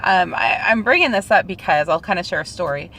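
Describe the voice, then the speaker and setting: A woman's voice: lowish voice, animated, brisk, sharp tone, a little hiss or hum. A woman co-hosting a casual podcast, telling a personal story in a candid, self-deprecating way. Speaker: podcast co-host.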